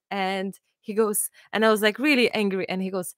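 A woman in her thirties hosting a live crafting class, chatting and telling stories in a lively way with many restarts. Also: medium pitch, moderate pace, dry recording, studio quality. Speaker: crafting channel host. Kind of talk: casual chat during a live crafting class.

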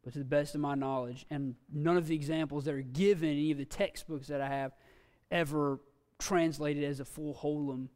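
A man teaching a Bible language class in a church classroom, folksy and halting, with frequent fillers and restarts. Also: a little high, steady tone, a little mellow. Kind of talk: classroom lecture. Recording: long reverb from a hall.

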